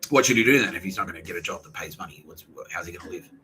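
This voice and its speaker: A man's voice: low-pitched, rapid-fire, pushed and bright, a little hiss or hum, rough recording. Profane rambling Australian man. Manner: profane, rambling, acts out others' speech. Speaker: podcast host. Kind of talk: rambling monologue.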